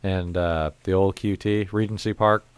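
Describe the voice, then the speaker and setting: Male host, casual profane storyteller, lowish smooth voice. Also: fairly even intonation, moderate pace, dry recording. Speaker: podcast host. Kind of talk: casual chat.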